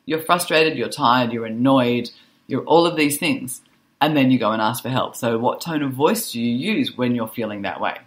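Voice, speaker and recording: A woman social worker and author, a guest on a podcast, telling animated stories about teaching teenagers and laughing easily. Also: very deep voice, moderate pace. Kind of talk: conversational interview.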